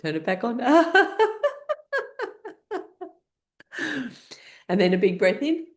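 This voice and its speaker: A woman leading a guided laughter exercise class over a video call, encouraging everyone and breaking into deliberate laughs. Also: lowish voice, lively intonation, a little mellow. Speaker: laughter yoga leader.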